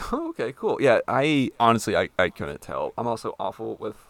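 American host, low gravelly voice, chatty, laughs often, dry close sound. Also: male voice, huge pitch swings, normal speed, a bit bright, no echo. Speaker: podcast host. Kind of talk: casual podcast interview.

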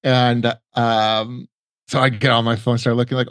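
A man's voice: medium pitch, steady tone, moderate pace, no echo. A man as a podcast guest, chatting casually and rambling with many restarts. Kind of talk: casual conversational storytelling.

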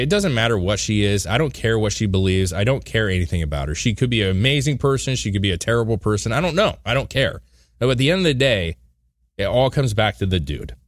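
A man with a lowish voice co-hosts a casual political chat. He is blunt and animated, swears freely, and slows down to stress his point. The room sounds dry and close. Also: no echo. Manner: animated, blunt, swears, drawls out key words. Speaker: podcast co-host.

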